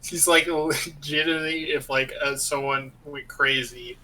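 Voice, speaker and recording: A young man co-hosting a casual film review chat, chiming in with quick jokey remarks. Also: a little high, level tone, sharp tone, low-quality recording. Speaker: podcast co-host. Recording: voice from off-mic.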